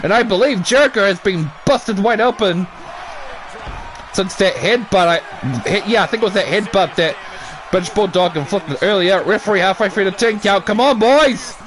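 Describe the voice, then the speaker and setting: Guy commentating a wrestling video game, high-pitched and loud at big moves, bit of hiss behind. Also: normal speed. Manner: excitable, shouts big moves, casual and swears. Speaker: YouTube gaming commentator.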